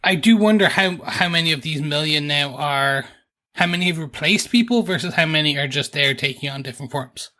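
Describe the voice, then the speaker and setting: A man co-hosting a TV podcast, talking casually and thinking aloud in quick, jokey bursts. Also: on the high side, sharp tone. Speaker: podcast co-host. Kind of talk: casual chat.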